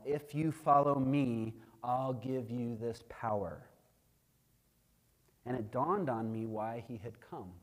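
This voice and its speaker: A man preaching as a missionary, telling a dramatic testimony that builds to loud, emphatic peaks. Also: mid-range voice. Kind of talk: sermon testimony. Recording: long hall reverb.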